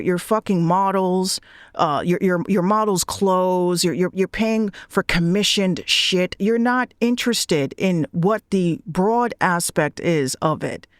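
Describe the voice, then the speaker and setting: A woman's voice: fairly low pitch, no room sound, clean studio sound. A woman VTuber ranting bluntly, swearing often and repeating her points. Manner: blunt, profane, repeats phrases. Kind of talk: ranting monologue.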